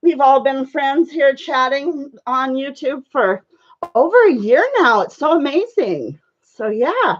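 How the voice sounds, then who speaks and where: A woman's voice: high voice, lively intonation, measured pace. A woman chatting casually with her viewers while she paints on a live stream, greeting them by name and talking in loose, friendly sentences full of fillers. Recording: dull lo-fi stream audio.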